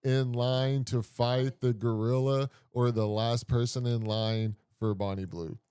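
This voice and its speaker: A man's voice: mid-range voice, flat delivery, unhurried, mellow, clean tone, no room sound, clean studio sound. A man co-hosting a comedy podcast, joking crudely with restarts and frequent laughter. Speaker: podcast co-host. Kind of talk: crude casual banter.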